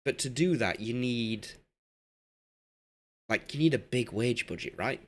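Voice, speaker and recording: A man's voice: medium pitch, measured pace. A man streaming a game, rambling in casual commentary and talking to the players on screen as he goes, while losing his voice.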